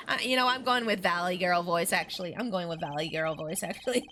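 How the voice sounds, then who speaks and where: A woman's voice: fairly low pitch, brisk, hardly any pauses, bright, forceful tone, a little hiss or hum. A woman streamer chatting playfully while playing through a game. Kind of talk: casual game-stream commentary.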